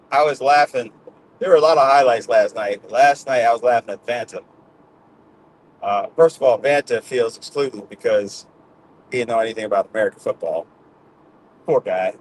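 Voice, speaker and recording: A man's voice: medium pitch, a little hiss or hum, poor audio. A middle-aged man hosting his own show, talking to his audience in a loose, rambling way, laughing often and tagging "man" onto his sentences. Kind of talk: casual rambling monologue.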